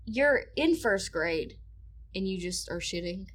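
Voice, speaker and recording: A woman's voice: medium pitch, lively intonation, measured pace. Playful woman teasing a friend. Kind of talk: casual banter.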